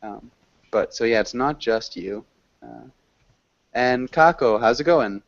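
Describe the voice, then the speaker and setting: A man's voice: mid-range voice, slow pace, vocal fry, no echo. Dull-sounding male online teacher, rambling. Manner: relaxed, rambling, many fillers. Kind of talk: casual online class chat.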